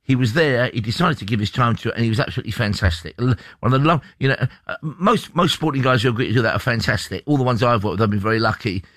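Brisk man hosting a radio phone-in, dry studio mic. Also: mid-range voice, animated, a bit bright, no room sound. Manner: brisk, enthusiastic.

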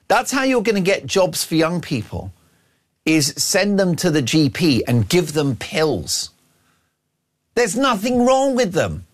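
A man hosting a radio show, delivering a brash, mocking opinion monologue full of self-aggrandizing banter. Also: medium pitch. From Ireland.

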